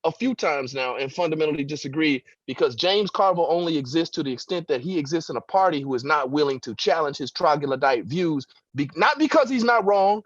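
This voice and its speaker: A man's voice: fairly high pitch, no echo, lo-fi sound. A man giving impassioned political commentary as a radio guest, with emphatic, preacher-like rhetoric.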